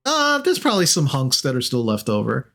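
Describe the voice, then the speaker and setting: A man narrates a tabletop game as game master. He talks at an ordinary pitch in a loose, rambling way, full of fillers and restarts. Faint music plays behind him. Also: wildly swooping pitch, brisk, gravelly, a bit bright.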